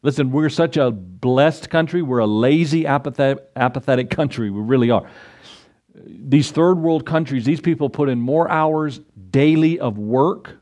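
A man's voice: mid-range voice, normal speed, a little mellow. A man preaching a sermon as pastor, emphatic and full of rhetorical questions, acting out the voices he quotes.

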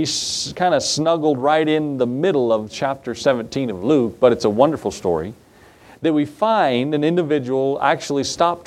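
Preacher guy, folksy and chatty, reads scripture then tells jokes, middle pitch. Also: darkish tone. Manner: folksy and conversational, acts out voices in his story. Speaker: pastor. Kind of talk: sermon with scripture reading and a told joke.

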